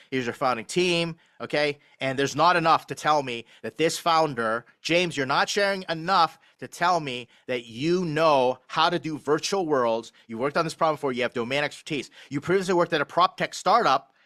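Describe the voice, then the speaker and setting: A middle-aged man reviewing a startup pitch deck in a live online session, blunt and emphatic as he critiques and teaches. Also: moderate pace, few pauses, pushed and bright.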